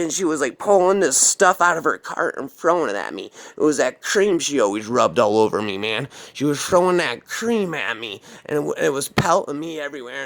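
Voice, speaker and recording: Gravelly man rambling through a crude story. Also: fairly high pitch, a bit bright. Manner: rambling, profane, casual. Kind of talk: crude comedic horror story narration.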